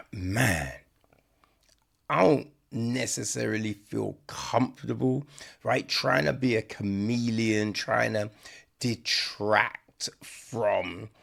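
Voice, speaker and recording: Slow, gravelly man reviewing a film. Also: medium pitch, fairly bright tone. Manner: blunt and profane, acts out quoted lines. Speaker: film review podcast host. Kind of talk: casual spoken film review.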